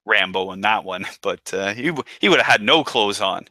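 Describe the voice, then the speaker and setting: Bright-voiced man chatting about a show. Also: on the low side, expressive, moderate pace, no room sound. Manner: chatty, restarts often, military jargon. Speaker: podcast co-host. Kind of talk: casual chat.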